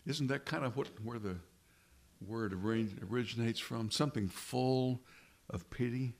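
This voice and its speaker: Male pastor, mid-pitched, conversational sermon delivery, leans on rhetorical questions and slowed emphasis. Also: a little mellow.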